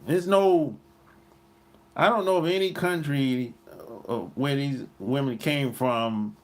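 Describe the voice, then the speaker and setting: Blunt profane man with a lively voice. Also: on the high side. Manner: blunt, profane, laughs often. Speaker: podcast host. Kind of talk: casual advice monologue.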